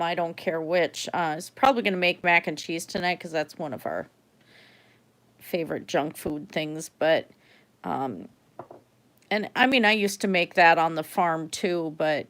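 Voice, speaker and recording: Speaking at a measured pace in a low, slightly bright voice, this middle-aged Minnesotan woman hosts a livestream where she paints. Her casual chat rambles, full of fillers and restarts.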